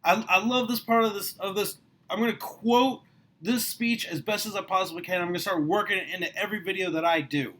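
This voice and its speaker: A middle-aged man giving a passionate motivational talk to the camera, his voice rising and getting louder as he gets worked up. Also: high-pitched, brisk, a little hiss or hum, rough recording. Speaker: small business owner recruiting for network marketing. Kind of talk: motivational vlog monologue.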